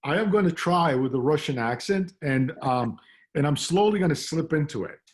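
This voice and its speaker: Wry playwright on a video call. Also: male voice, a little high, expressive, normal speed. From Cuba. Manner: wry, self-deprecating. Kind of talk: casual video-call chat.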